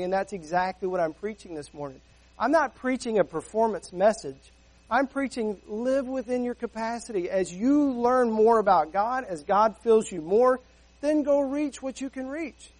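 A man's voice: high voice, a little mellow, low-quality recording. A man preaching a sermon as pastor, earnest and conversational, asking rhetorical questions and acting out everyday dialogue. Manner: acts out everyday dialogue in quick asides.

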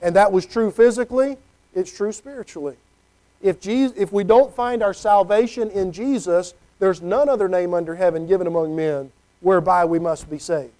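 A man's voice: sits high, normal speed, warm tone, poor audio. A middle-aged man preaching a conversational sermon, often checking in with "okay?". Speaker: pastor.

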